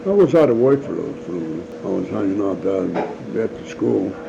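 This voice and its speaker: A man's voice: sits low, a little fast, vocal fry. An older man, telling stories as the interviewee and acting out the voices of the people in them. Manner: animated storyteller acting out voices, laughs often. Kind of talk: storytelling. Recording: dull lo-fi home recording with faint noise.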